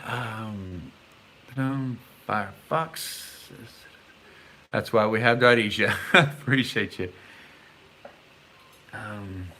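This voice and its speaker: A middle-aged man hosting a casual live stream, chatting and reading viewer comments aloud while haltingly sounding out foreign words. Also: fairly low pitch, sharp tone.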